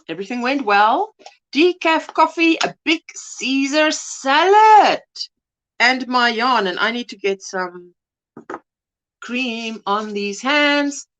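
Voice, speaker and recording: A woman's voice: high voice, a bit bright. A middle-aged woman hosting a casual livestream from home, chatting and greeting viewers by name. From United States. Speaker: livestream host. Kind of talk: casual chat reading viewer comments. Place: home by an open window, breeze blowing.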